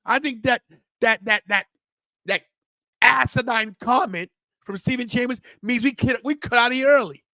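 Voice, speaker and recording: A high-pitched man hosts a wrestling watch-party stream, booming mock outrage and swagger at his viewers, swinging between showman bravado and scolding his chat. His voice is bright and forceful at a normal pace, close to the mic in a dry, deadened room.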